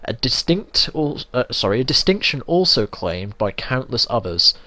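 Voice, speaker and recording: A man's voice: medium pitch, very animated, moderate pace, bright, forceful tone, no echo. A young man from England giving casual, sweary, ranting commentary while playing a video game. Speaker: let's play gamer.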